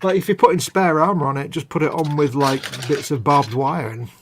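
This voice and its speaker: A man's voice: a little high, fairly quick, slight background noise. Joking man in live chat. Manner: joking, wry banter. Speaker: co-host guest. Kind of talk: casual live-stream chat.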